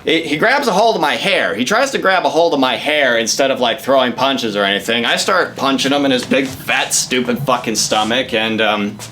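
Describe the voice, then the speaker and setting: A man's voice: mid-range voice, normal speed, few pauses, bright, forceful tone. A young man telling a rambling, profane story in a casual comedic way.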